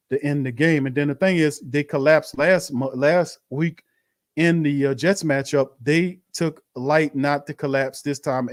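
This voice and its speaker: A man hosting a live-stream watch party, commenting bluntly on a loss and calling his viewers fam. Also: mid-range voice. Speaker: sports show host.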